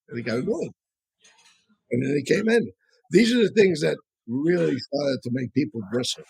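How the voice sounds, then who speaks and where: Husky man, dry close sound, rambling storyteller with restarts, casual and profane. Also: fairly high pitch, expressive, normal speed, darkish tone, dry recording, poor audio. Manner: rambling, frequent restarts and asides. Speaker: podcast co-host and storyteller. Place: live audience show.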